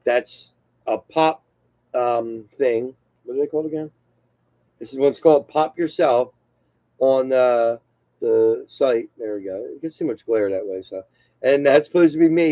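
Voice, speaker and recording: A man's voice: medium pitch, normal speed, no room sound, dull audio. A man live streaming a rambling, self-deprecating casual comedy monologue from home.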